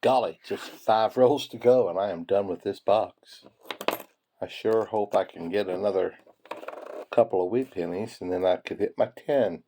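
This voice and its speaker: A man's voice: low-pitched, normal speed, warm tone, a little hiss or hum. A man telling rambling, chuckling anecdotes while sorting pennies. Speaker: penny hoarding hobbyist. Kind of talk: casual storytelling while sorting coins.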